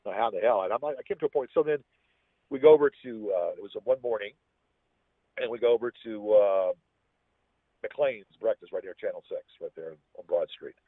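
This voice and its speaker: A man with a husky voice, a podcast guest telling a personal story in a rambling way, restarting his sentences often. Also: lowish voice, brisk, no echo. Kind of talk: casual storytelling. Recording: tinny, phone-like dry sound.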